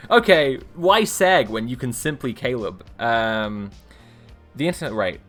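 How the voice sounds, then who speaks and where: A woman's voice: rumbling low, expressive, unhurried, soft background music. A woman live-streaming, reading a book aloud and breaking off into sarcastic, rambling commentary. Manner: sarcastic, rambling asides between read passages.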